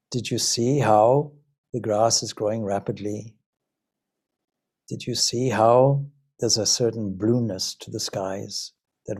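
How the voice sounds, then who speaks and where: A man from Zimbabwe gives a spiritual talk as a Vedanta swami. His voice is mellow and a little husky, and he speaks reflectively, posing question after question to his listeners. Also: lowish voice. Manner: reflective, many rhetorical questions. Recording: Ireland talk.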